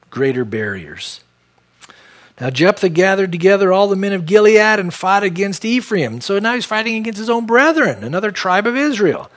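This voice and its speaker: Guy pastor teaching the bible at a midweek service, chatty asides, slightly high voice. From San Diego. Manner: conversational, folksy asides.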